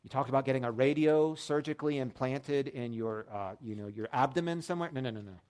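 A man's voice: mid-range voice, fast, darkish tone. A man preaching a sermon as pastor, telling stories in a casual, lightly humorous way. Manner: conversational storytelling with light humor.

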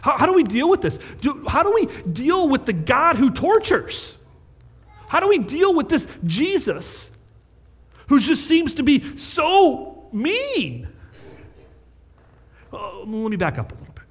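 A man's voice: very high voice, sing-song, normal speed, fairly bright tone, husky, big-room sound. A man preaching a sermon as pastor, talking conversationally and checking in with rhetorical questions.

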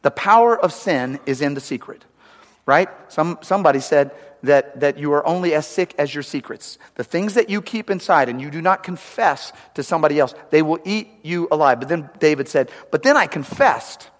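A man's voice: fairly high pitch, moderate pace, big-room sound. A man preaching a sermon in a church, talking conversationally and often checking for agreement. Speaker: pastor.

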